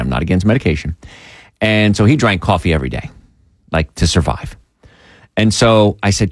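A man with a low-sitting voice hosts a health call-in radio show over a studio mic with no echo. He delivers his points emphatically and energetically, often breaking into pleading asides.

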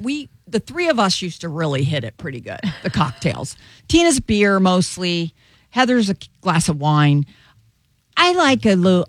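Lively joking woman host. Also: medium pitch, no room sound. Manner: joking, laughing, teasing. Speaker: radio show co-host. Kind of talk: casual chat.

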